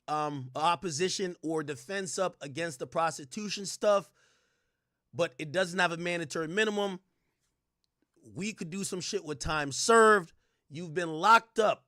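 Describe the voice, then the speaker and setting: A man streaming live reaction commentary in a loud, joking, profane rant. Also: sits high, no room sound, studio quality.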